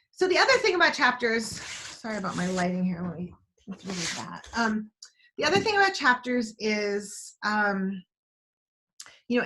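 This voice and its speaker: A woman leads an online writing class over a video call. Her talk is loose and conversational, full of restarts and side remarks. Her pitch sits in an ordinary middle range. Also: bright, forceful tone. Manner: chatty, rambling, many restarts. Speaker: writing teacher.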